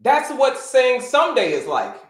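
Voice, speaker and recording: A man hosting a live health-coaching stream, talking to viewers in an animated, repetitive, preacher-like cadence. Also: extremely high pitch, moderate pace, roomy sound.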